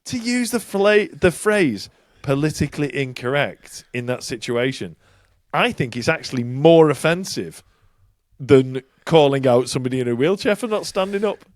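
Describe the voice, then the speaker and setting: A man's voice: fairly high pitch, expressive, normal speed, no room sound, studio quality. A middle-aged British man co-hosting a podcast, talking casually with indignant, sweary energy. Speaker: podcast co-host. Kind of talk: casual chat.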